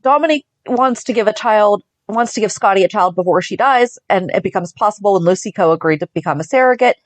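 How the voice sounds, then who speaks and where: A woman in her thirties, a podcast co-host chatting about a soap opera, telling the story fast and acting out the lines. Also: mid-range voice, animated, no echo. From Northeastern US. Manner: chatty storyteller, acting out quotes, laughing often. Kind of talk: casual chat recapping a soap opera.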